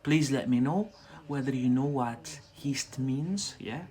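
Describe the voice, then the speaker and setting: A man with a Scottish accent teaching English on a livestream, chatty and repeating words slowly for learners. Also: medium pitch, darkish tone. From Scotland.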